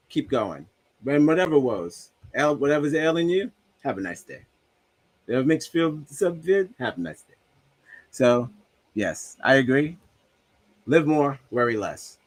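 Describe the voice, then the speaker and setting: A man's voice: medium pitch, sing-song, a little slow, husky. A man hosting a livestream, chatting loosely and joking as he reads viewer comments aloud. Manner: loose, joking, talks to himself about a broken soundboard. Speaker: livestream host. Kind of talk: casual livestream chat reading comments.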